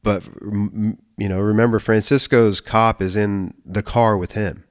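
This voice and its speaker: Male American podcast host, lowish voice, loose profane storytelling, lots of restarts. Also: steady tone, normal speed, smooth. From United States. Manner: rambling, profane, frequent restarts and self-corrections. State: emotional, near tears at times. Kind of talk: casual storytelling monologue.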